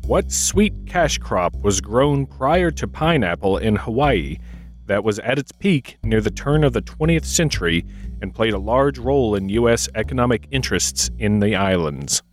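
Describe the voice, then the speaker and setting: Male trivia co-host, animated and jokey, with a very expressive pitch. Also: moderate pace, faint music behind. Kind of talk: reading trivia questions and casual banter.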